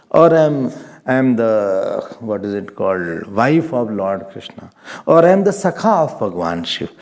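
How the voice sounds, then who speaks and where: Animated, gravelly Indian English swami. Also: male voice, on the low side. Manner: animated, emphatic, repeats phrases, mixes in Hindi words. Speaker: swami giving a spiritual discourse. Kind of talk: sermon.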